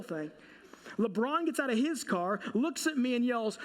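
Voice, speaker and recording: A man with a notably high-pitched voice preaching from the pulpit. He tells a comic personal story with lively timing and throws questions out to the congregation as he goes. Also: a little slow. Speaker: pastor. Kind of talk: storytelling sermon.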